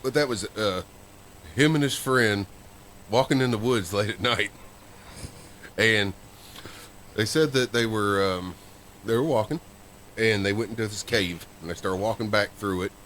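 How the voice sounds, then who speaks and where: A man's voice: on the low side, measured pace, long pauses, a bit bright, a little hiss or hum. A man co-hosting a podcast, telling a story in a rambling, casual way. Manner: rambling storyteller with fillers and restarts. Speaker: podcast co-host.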